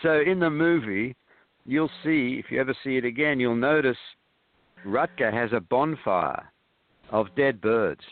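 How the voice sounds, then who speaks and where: A man's voice: mid-range voice, unhurried, no echo. A man who is a film director, guest on a show, telling rambling, hesitant anecdotes full of ums and chuckles. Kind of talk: anecdotal storytelling in an interview. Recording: tinny phone-line sound.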